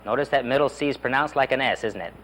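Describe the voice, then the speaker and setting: A man's voice: medium pitch, fast, a bit bright. A man teaching a beginner Spanish lesson, drilling phrases and urging learners to repeat. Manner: enthusiastic, drills phrases with repeat-after-me prompts. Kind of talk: animated language lesson.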